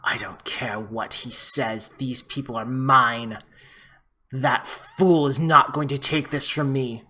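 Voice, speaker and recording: A man voicing an angry male vampire in a harsh, hushed whisper. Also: mid-range voice, takes it slowly. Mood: menacing.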